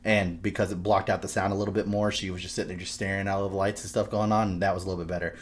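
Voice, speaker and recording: A young man telling stories in casual podcast chat, swearing often and laughing loudly. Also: sits low, rapid-fire, crowd noise. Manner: profane, animated storytelling. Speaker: podcast co-host.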